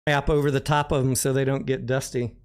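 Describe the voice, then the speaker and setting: A man's voice: medium pitch, level tone, brisk, darkish tone. A man hosting a casual late-night livestream, teasing his guest with playful questions. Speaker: host.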